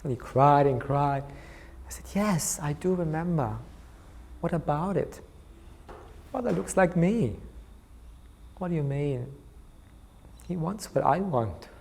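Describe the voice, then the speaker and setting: A man lecturing on art therapy, recounting a clinical case and acting out the dialogue between therapist and child, growing soft for the tender moments. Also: fairly high pitch, lively intonation, takes it slowly, gravelly, long pauses. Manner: storytelling, softens his voice for tender moments.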